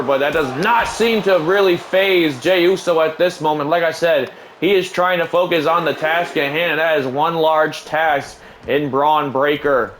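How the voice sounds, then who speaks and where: A young man hosting a show and calling wrestling play-by-play over a video game, getting louder and more excited on the big moves. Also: fairly high pitch, slight background noise, poor audio.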